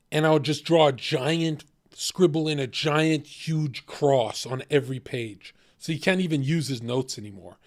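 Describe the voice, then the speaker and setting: A man hosting a livestream, mocking his guests with crude, sarcastic commentary. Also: a little high. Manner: sarcastic, crude, quick to mock. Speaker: livestream host.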